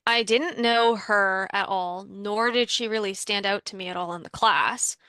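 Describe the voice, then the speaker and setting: A woman's voice: mid-range voice, fairly even intonation, unhurried, bright, forceful tone, smooth, no echo. A young woman from Canada telling a personal story in a casual, chatty way, full of "like" fillers, as a workshop participant.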